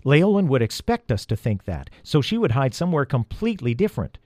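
A man's voice: medium pitch, sing-song, fairly quick, darkish tone, no room sound, clean studio sound, voice pushed up. A man voicing an earnest, clever young boy in a storybook reading, thinking aloud with urgency. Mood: urgent.

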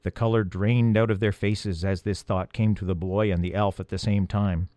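A man reading a children's storybook aloud, gently, with asides to the listener. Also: fairly low pitch, fairly even intonation, moderate pace, no room sound. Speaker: audiobook reader.

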